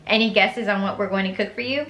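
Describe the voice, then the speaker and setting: A woman reading a gentle, warm mother. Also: medium pitch, steady tone, fast, roomy sound, soft background music, natural voice. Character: warm, caring middle-aged mother.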